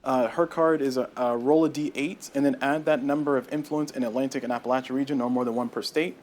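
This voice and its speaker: A man playing a solo board game live on stream, talking through each move and getting loudly exasperated over bad dice rolls. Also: medium pitch, steady tone, fast.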